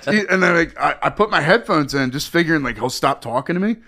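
A man's voice: on the high side, a little fast. A man guesting on a podcast, telling comic stories in casual chat, swearing freely and acting out the people in them. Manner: profane, animated, acts out quoted voices. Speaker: podcast guest, stand-up comedian.

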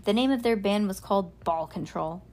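A woman reading a children's book aloud at bedtime, with soft, relaxed narration and gentle asides to a child. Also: medium pitch, brisk. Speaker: parent reading a bedtime story.

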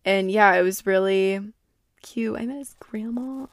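Gravelly young woman podcaster. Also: mid-range voice, a little slow, no echo, studio quality. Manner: rambling, profane and candid. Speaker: podcast host. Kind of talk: casual solo chat.

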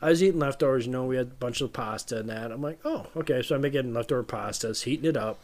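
A man's voice: medium pitch, fast, a little mellow. A man in casual podcast chat, telling a story with swearing and frequent laughter. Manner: storytelling, profane, laughs often. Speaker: podcast co-host.

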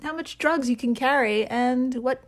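A woman's voice: high voice, unhurried. A woman co-hosting a podcast in casual chat, often laughing as she talks. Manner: giggly, laughs often while talking. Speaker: podcast co-host.

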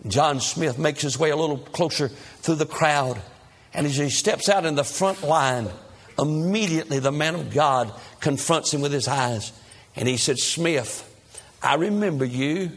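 A man's voice: on the high side, measured pace, fairly bright tone. A man preaching a sermon as a dramatic, repetitive story.

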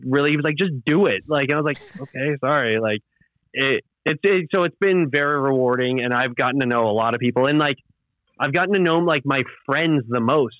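A man's voice: mid-range voice, no echo. A young man, a podcast host, chatting casually in a laid-back, rambling way with lots of fillers and swearing. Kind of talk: casual chat. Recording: muffled lo-fi audio.

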